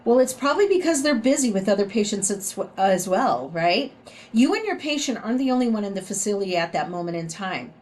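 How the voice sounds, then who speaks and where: A woman's voice: medium pitch, animated, fairly quick, a little mellow. Chatty Southern woman nursing instructor. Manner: conversational, frequent "right?" tag questions. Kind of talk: recorded lecture.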